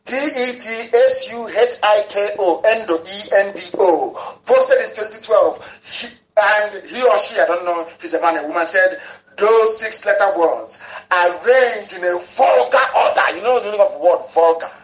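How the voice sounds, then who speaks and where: A man's voice: high-pitched, normal speed, few pauses, echoey room, poor audio. A man broadcasting an impassioned political talk on the radio, fervent, and he spells words out letter by letter.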